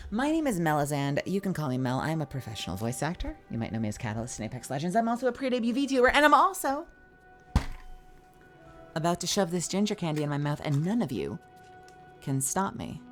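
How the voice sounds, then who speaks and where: Low-voiced, lively sleepy woman streamer. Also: fairly quick, faint music behind. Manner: playful and animated, greets viewers. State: sleepy, yawning. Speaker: streamer and voice actor. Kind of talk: casual live-stream chat.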